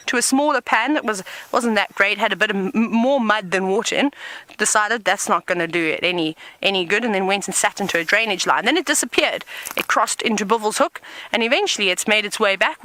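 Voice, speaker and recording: Out walking in the bush, a female safari guide leads viewers through a live nature broadcast on foot, chatting and explaining as she goes and sometimes dropping to a whisper. Her mid-range voice sounds pushed and bright. The recording is low quality, with no echo.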